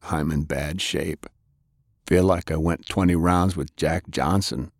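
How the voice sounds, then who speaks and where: An actor playing a gruff, battered man, speaking low and grim in an audiobook. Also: fairly even intonation, measured pace, a little mellow, dry recording, studio quality, heavily acted.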